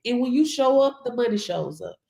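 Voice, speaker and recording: A woman's voice: a little high, expressive, brisk, gravelly, a little mellow, roomy sound. A woman in giving a sassy, preachy motivational talk to her livestream viewers, calling them baby. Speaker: livestream business mentor.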